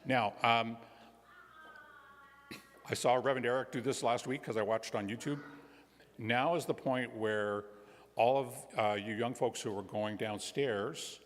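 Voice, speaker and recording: A man who is a guest minister, telling a children's story during a church service in an animated storytelling manner with friendly asides. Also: medium pitch, measured pace, pauses often. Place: church sanctuary. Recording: long church reverb.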